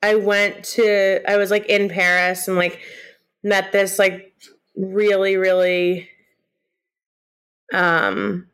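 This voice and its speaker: A woman's voice: mid-range voice, little pitch movement, takes it slowly, pauses often, a bit bright. A woman hosting a casual podcast from home, chatting loosely with lots of fillers and jokes. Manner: rambling, filler-heavy, jokey. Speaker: podcast host. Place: at home with cats.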